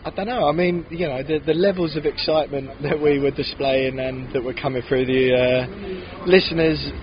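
A man's voice: on the high side, moderate pace. Chatty English man, lo-fi outdoor podcast. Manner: chatty, self-deprecating, builds in excitement. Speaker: podcast co-host. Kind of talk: casual chat. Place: outdoors at a city-centre bar.

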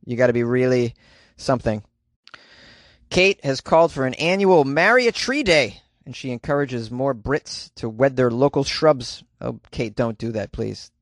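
A man's voice: medium pitch, no room sound, studio quality. A man hosting a comedic news podcast, joking through stories and reading listener reviews in a playful way. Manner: jokey, playful asides, breaks into silly singing. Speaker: podcast host.

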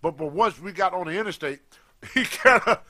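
An older man, a guest telling an animated story and acting out the people in it. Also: high voice, normal speed. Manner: animated storyteller, acts out quoted voices. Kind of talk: storytelling in a podcast interview.

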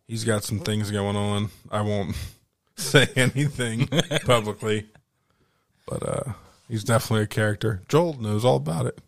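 A man with a low, gravelly voice co-hosts a podcast in loose, casual chat. He swears freely and laughs often, and the sound is dry and close. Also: normal speed, no room sound. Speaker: podcast co-host.

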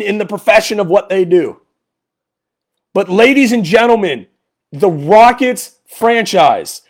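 A man with a high-pitched voice hosts a solo sports podcast. He rants in frustration, sarcastic and repetitive, his voice rising even higher as he gets worked up. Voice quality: voice goes high when angry. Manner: frustrated, sarcastic, repeats a player's name for emphasis. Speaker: podcast host.

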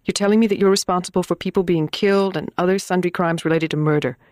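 Voice doing an earnest young schoolteacher woman, direct, pressing questions, mid pitch, dry close sound. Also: steady tone, fast talker, dry recording, lightly acted. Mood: hurt, pressing. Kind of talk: dramatized audiobook reading.

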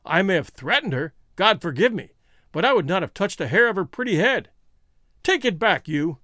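A man voicing a bitter, desperate male American outlaw who talks loud and fierce. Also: sits high, sing-song, normal speed, dry recording, clean studio sound, exaggerated voice.

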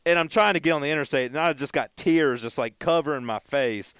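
A man's voice: fairly high pitch, fairly quick, fairly bright tone, clean tone, no echo, clean studio sound. A man co-hosting a casual chat, telling stories in a rambling way and often stumbling over and repeating his words.

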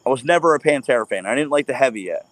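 A man in his forties, a guest on a casual talk show, telling profane, animated stories. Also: medium pitch, rapid-fire, no echo. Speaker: podcast guest. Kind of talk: casual chat.

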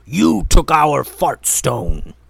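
A man voicing a dim, confused male cave troll who speaks loudly and hesitantly in a read-aloud story. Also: a little high, sing-song, creaky, slightly rough, no room sound, full character voice. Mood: angry. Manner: loud, slow, bewildered, hesitant.

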